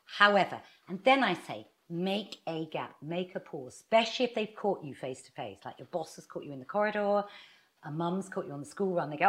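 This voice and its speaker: A woman, a book author being interviewed, explaining her advice in a lively conversational way and acting out little quoted exchanges. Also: fairly low pitch, fairly quick. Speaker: author and guest.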